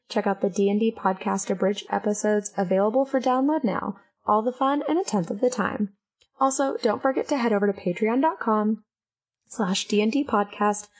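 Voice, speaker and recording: A woman reading a scripted, upbeat promotional outro for a podcast. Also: medium pitch. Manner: upbeat, smooth promo delivery.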